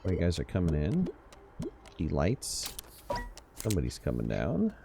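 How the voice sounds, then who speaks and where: A man's voice: sits low, huge pitch swings, normal speed, gravelly, noisy background. A young man hosting a casual multiplayer game stream, joking and laughing often with his teammates. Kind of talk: casual gaming chat.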